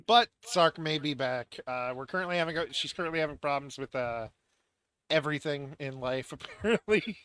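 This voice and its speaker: A man's voice: on the high side, moderate pace, a bit bright, smooth. A man running a tabletop game as game master, chatting casually with his players and laughing often.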